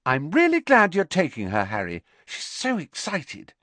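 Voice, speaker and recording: A man voicing a sharp-tongued but kind teenage girl, pitched above his own voice. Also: huge pitch swings, moderate pace, dry recording, exaggerated voice. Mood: firm. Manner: snappish then warm.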